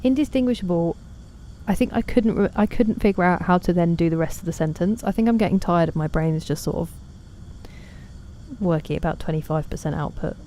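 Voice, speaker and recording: A woman chats through a game stream, talking to her viewers and teasing herself. Her voice sits low and mellow, with a faint hiss underneath. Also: a little fast. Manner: chatty, self-deprecating, reads out chat messages. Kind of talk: casual gaming stream chat.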